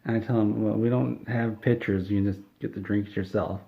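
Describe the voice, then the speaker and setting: A man telling an absurd comedic story in a deadpan, matter-of-fact way, with a few hesitations. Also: lowish voice, fairly quick, creaky. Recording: dull lo-fi recording.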